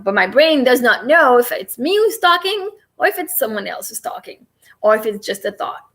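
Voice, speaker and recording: A woman's voice: fairly high pitch, fairly bright tone. A woman talking casually to camera as a vlogger, in a meandering, self-interrupting way, with a native French speaker's English.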